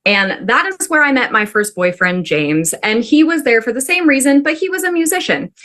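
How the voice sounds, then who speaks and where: A woman from the Pacific Northwest telling a personal story to a class in an animated, chatty way, full of "like". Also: sits high, normal speed. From Pacific Northwest, USA. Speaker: student storyteller.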